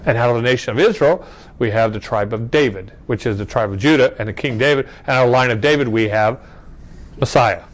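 A man's voice: medium pitch, fast, low-quality recording. A man teaching a Bible study class in a conversational way, asking rhetorical questions, checking in with "okay?", and restarting phrases as he reads verses aloud.

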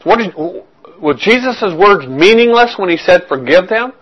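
A pastor with a high, husky, animated voice preaches at a normal speed, his voice slightly raised, earnest and searching. He poses direct questions to his listeners, doubles back on his own words and drives each point home, all on a muffled recording.

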